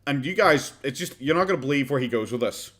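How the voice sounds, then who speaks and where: A man's voice: mid-range voice, lively intonation, quick pace, a bit bright. A man with an Irish accent giving casual, mocking commentary while watching a podcast, often laughing and rambling.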